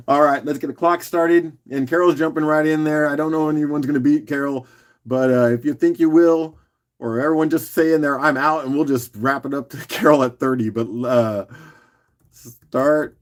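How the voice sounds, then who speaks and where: A man hosting a casual live-stream rock auction, joking and chatting with viewers by name in a loose, unhurried way. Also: a little high, fairly even intonation. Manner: loose and unhurried, with fillers and restarts while doing other tasks.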